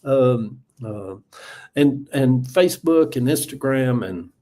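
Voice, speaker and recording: A man's voice: mid-range voice, animated, slow pace, dark tone. Folksy older Southern man livestreaming. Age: 70s. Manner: chatty, folksy, laughs often. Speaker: livestream host. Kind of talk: casual morning livestream chat. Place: home.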